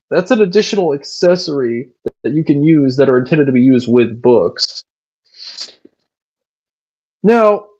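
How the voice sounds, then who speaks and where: A man's voice: on the high side, a little mellow, lo-fi sound. Profane, chatty male gaming streamer. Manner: chatty, profane, reads chat aloud while playing. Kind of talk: casual live-stream commentary.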